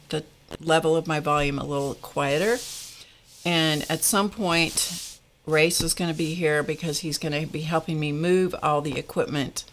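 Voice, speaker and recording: A middle-aged woman hosts a live craft tutorial in a low, comfortable voice. She chats along casually and reads her viewers' comments back to them. Faint static hums under her words. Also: a bit bright. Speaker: craft show host.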